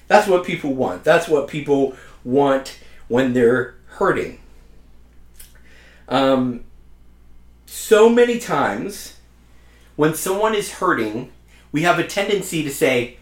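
A man's voice: fairly high pitch, expressive, slow, long pauses. A young adult man preaching a sermon, earnest and conversational, mixing personal stories with scripture. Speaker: pastor. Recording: echoey room.

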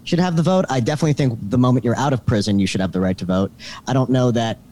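A man's voice: mid-range voice, rapid-fire, warm tone. A man speaking as a podcast guest over a call, hesitant and restarting his sentences. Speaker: guest, screenwriter. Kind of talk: casual interview chat, remote. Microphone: faulty computer mic on a call.

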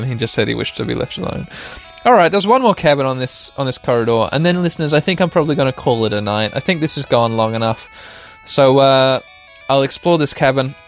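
A man's voice: medium pitch, brisk, faint music behind. A man hosting a podcast while playing a video game, chatty and self-mocking, talking straight to his listeners and laughing often. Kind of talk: casual let's-play commentary.

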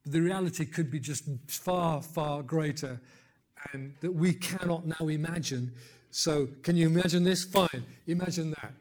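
Older man preaching with rising fervor. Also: normal speed. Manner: builds to loud emphatic peaks, then drops low and soft; conversational asides and gentle humor. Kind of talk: sermon.

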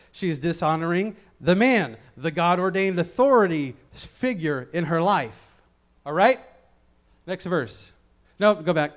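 A middle-aged man preaching a Bible-teaching sermon in a conversational way, with joking asides and key phrases repeated for emphasis. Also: high-pitched.

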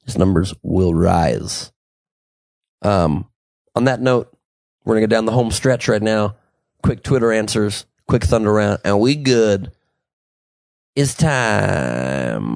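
A man's voice: on the low side, unhurried, creaky, a little mellow, no echo. A man hosting a podcast, joking and rambling through casual banter with his co-host.

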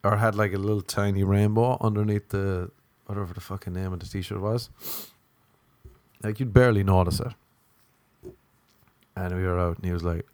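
An Irish man rambling through funny stories in a casual, animated way, swearing freely. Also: low-pitched, normal speed, pauses often, dry recording. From Ireland. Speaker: comedian. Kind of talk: casual comic storytelling.

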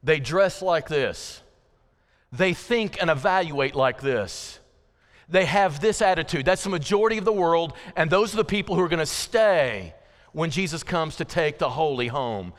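A man's voice: fairly high pitch, expressive, normal speed, in a large hall. A man preaching a sermon to his congregation, urgent and emphatic, repeating phrases and speaking straight to the listeners. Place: church sanctuary.

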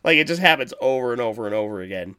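A man co-hosting a podcast in casual chat, rambling and animated as he retells movie scenes. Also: medium pitch, rapid-fire, clean tone. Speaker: podcast co-host.

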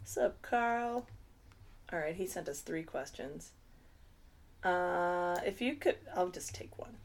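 A woman's voice: fairly low pitch, lively intonation, measured pace. A woman hosting a podcast, teasing her co-hosts and reading listener questions. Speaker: podcast host. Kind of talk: casual chat.

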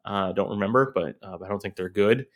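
A man's voice: lowish voice, quick pace. A man in his thirties chatting casually about movies, rambling with many ums and restarts. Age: 30s. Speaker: movie reviewer on a talk show. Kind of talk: casual chat.

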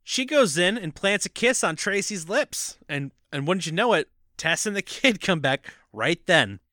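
A man's voice: high-pitched, big pitch swings, unhurried, sharp tone, no room sound, clean studio sound. A man co-hosting a casual movie podcast, recapping the plot with jokes and frequent laughter. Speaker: podcast co-host.

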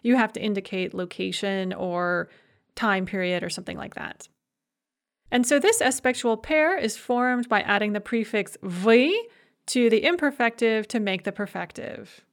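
Methodical woman teaching a grammar lesson. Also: mid-range voice. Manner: clear, methodical explaining, slowing to spell out forms. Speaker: language teacher. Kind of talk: recorded grammar lecture.

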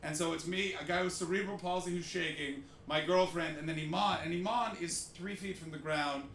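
A comedian telling jokey stories to a live audience and acting out the people in them. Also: male voice, on the high side, brisk, reverberant, slight background noise. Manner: animated, jokey, acts out the people in his stories. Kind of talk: live podcast storytelling with an audience.

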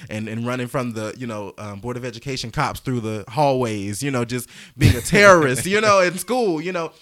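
Animated storytelling man, forceful voice. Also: mid-range voice, fairly quick. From Georgia, US. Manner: animated, acts out voices, laughs often. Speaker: interview guest. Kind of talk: storytelling in casual conversation.

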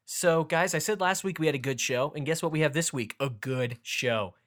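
A man's voice: fairly high pitch, quick pace, fairly bright tone. A young man hosting a casual sports podcast, upbeat and joking as he hypes up the show. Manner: upbeat, joking, hype-style show intros. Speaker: podcast host.

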